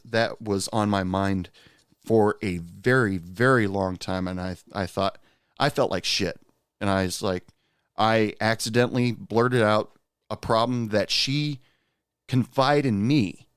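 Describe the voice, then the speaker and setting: Low-voiced man telling a rueful story. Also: clean tone, no echo, studio quality. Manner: candid, rueful, conversational. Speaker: podcast host. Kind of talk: personal storytelling monologue.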